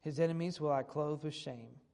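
Higher-voiced male preacher. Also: fairly even intonation, moderate pace, gravelly, darkish tone. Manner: reads old scripture aloud then restates it in plain everyday speech. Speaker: pastor. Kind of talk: sermon with scripture reading.

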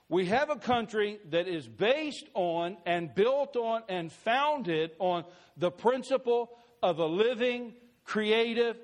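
A man, a pastor, preaching a sermon with slow, emphatic scripture readings. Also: high-pitched.

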